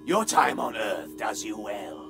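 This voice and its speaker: An actor playing a pompous male reptiloid space emperor villain who talks grandly, booms and cackles. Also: big pitch swings, unhurried, gravelly, heavily acted. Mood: roaring. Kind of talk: audio comedy drama. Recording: background music.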